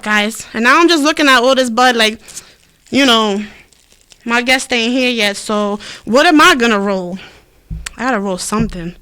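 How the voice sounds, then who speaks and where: A woman hosting a casual podcast, high and a little out of breath, telling stories and acting out dialogue. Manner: loud laughing storyteller, acts out dialogue. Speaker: podcast host. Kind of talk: casual stoner chat.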